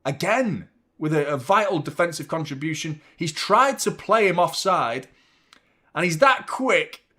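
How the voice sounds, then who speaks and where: A man, hosting a football watchalong with excitable, rambling commentary and frequent swearing. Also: on the high side, a little slow. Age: 30s. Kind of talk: live match commentary and chat.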